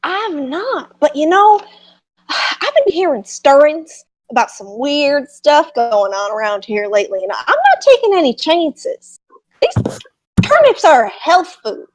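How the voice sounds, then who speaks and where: A chatty old farmer with a thick Southern drawl, put on by a woman, wandering from one rumor to the next. He speaks slowly and with a lot of swing in his high voice, cautious and folksy. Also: very animated, rough recording. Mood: confiding. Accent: put-on Southern American. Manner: rambling, gossipy storytelling.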